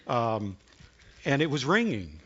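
A man preaching a sermon and telling personal stories, speaking in a halting, earnest way with frequent restarts, coughing now and then. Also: medium pitch, big pitch swings, a bit bright, breathy edge. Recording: dull lo-fi recording.

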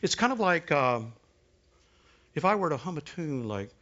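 A man preaching a sermon in a conversational way, asking the congregation questions and dropping to a hush for emphasis. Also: on the high side, big pitch swings, moderate pace, lo-fi sound. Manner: conversational preaching, rhetorical questions, dramatic hushed drops. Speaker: pastor.

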